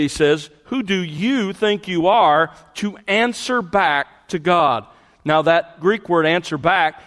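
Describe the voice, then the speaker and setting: Man, preacher, teaching sermon, emphatic repetition, slightly raised pitch. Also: a bit bright, in a large hall. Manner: emphatic, rising on key words, repeats phrases for stress. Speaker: pastor. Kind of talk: expository sermon.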